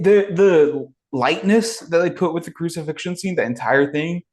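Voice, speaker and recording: A man's voice: medium pitch, darkish tone. A man co-hosting a podcast, talking through a film in a thoughtful, searching way. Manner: thoughtful, searching, with many fillers and restarts. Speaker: podcast co-host. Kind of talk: casual film review chat.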